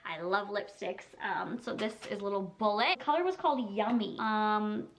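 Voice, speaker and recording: A young woman in her twenties excitedly unboxing and trying on makeup at home, gushing and peppering her talk with "like" and "oh my God.". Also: medium pitch, moderate pace, noisy background. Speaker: beauty vlogger. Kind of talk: casual product unboxing. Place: indoor room with colored backdrop.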